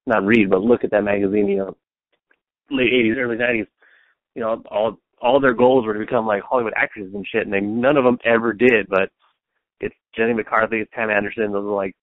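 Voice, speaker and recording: A man's voice: lowish voice, brisk, no room sound. A man guesting on a podcast, chatting in a laid-back way with casual swearing. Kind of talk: casual chat. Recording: dry, tinny phone-like sound.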